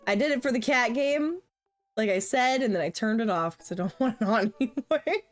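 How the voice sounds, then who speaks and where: A woman's voice: on the high side, animated, fairly quick, soft background music. A woman streamer chatting casually while playing a dating game, giggly and self-mocking. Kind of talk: casual livestream chat.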